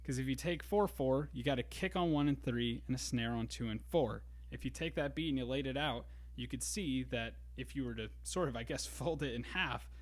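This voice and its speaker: A man teaching a drum lesson in a relaxed way, explaining grooves step by step. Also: mid-range voice. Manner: counts beats aloud, easygoing explaining. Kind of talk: casual instructional talk. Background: drum kit and metronome.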